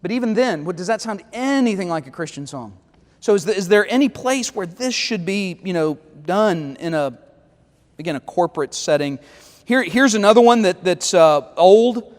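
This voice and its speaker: A man's voice: high voice, expressive, moderate pace, big-room sound. A man leading a church Bible study, reading lyrics aloud and critiquing them with wry, sarcastic asides.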